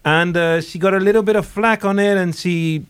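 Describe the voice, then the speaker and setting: A man's voice: high-pitched, fairly even intonation, moderate pace, clean tone, no room sound. Chatty, rambling male radio presenter. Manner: chatty, rambling, self-interrupting, laughs often. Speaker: radio presenter reviewing a series. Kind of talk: casual radio chat.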